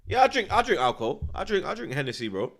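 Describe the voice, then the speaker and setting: A young male streamer with a high, gravelly voice and a quick pace reacts live to a football match. His casual chat is animated, full of street slang and frequent tag questions.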